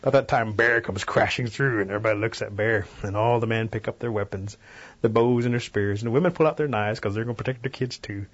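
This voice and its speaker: Husky man telling a folk tale. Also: fairly low pitch, fast talker. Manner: relaxed, animated narrating. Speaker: storyteller guest. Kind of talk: oral folk-tale storytelling. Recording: dull radio recording.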